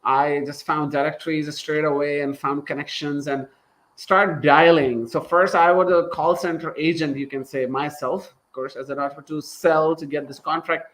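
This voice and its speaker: A man in his thirties with a Pakistani accent, a company founder telling his story in a casual interview, animated and acting out what people said. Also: fairly high pitch, moderate pace, low-quality recording. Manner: animated, acts out quoted dialogue, laughs while telling.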